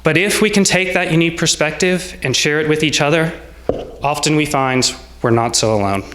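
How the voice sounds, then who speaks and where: A man in his twenties telling a personal story on stage, in a measured, reflective way with short present-tense lines. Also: fairly high pitch, fairly bright tone, slight background noise. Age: 20s. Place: small salon event space.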